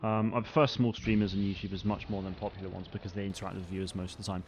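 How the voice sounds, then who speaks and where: In rapid-fire, flat delivery and a low voice, a young streamer and channel host rambles through casual live-stream chat, reading comments amid many fillers and restarts. A little hiss or hum is audible.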